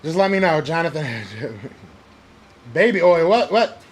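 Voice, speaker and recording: A man's voice: fairly high pitch, expressive, a little slow. A young man hosting a podcast, ranting about his team in blunt slang with fired-up emphasis and reading out live chat comments. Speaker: podcast host. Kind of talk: heated sports rant, reading live chat.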